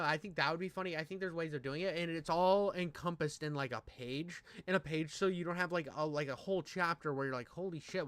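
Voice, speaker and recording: A man's voice: a little high, a bit bright, smooth, dry recording. A young man streaming, rambling and joking crudely with lots of swearing as he reacts to a video. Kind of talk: casual reaction commentary.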